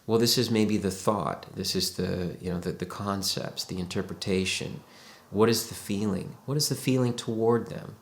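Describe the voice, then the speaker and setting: A man's voice: fairly low pitch, normal speed, echoey room. A man, a psychotherapist, explaining emotions in a reflective, coaxing way, often voicing the questions a listener might ask themselves. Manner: reflective, coaxing, voices imagined inner questions. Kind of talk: educational talk to camera.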